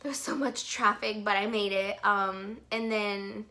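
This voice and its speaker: A young woman vlogging an excited storytime, gushing with lots of "like" and breaking into giggles. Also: mid-range voice, measured pace.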